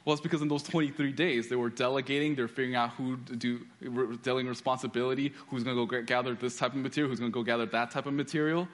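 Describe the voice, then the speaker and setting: A man's voice: medium pitch, fairly even intonation, fast talker, few pauses. Man preaching with frequent restarts. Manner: storytelling with repeated restarts. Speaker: pastor. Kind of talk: sermon.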